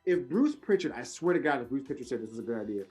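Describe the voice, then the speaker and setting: A man co-hosting a casual wrestling podcast, ranting in an animated, profane way, swinging from loud high outbursts to low mutters. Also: quick pace, soft background music. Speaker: podcast co-host.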